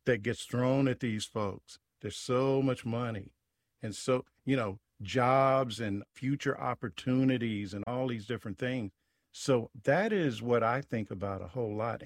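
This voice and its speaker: A man's voice: mid-range voice, no echo, studio quality. A man who is a writer and journalist, talking conversationally as a guest on a radio talk show. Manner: conversational, with frequent "you know" fillers.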